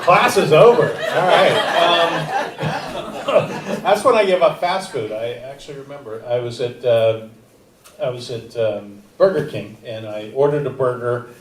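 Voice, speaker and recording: A man's voice: medium pitch, unhurried, far from the mic, heavy background noise. A man hosting a stand-up showcase as teacher and emcee, teasing the crowd and doing crowd work. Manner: teasing, jokey, banters with the audience. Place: comedy theater stage. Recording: echoey theater, mic heard from afar, loud crowd.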